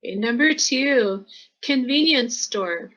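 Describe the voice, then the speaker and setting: A woman's voice: fairly high pitch, animated, takes it slowly, fairly bright tone, low-quality recording. An American woman teaching pronunciation in a college classroom, explaining patiently and repeating words for her students. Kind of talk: classroom instruction.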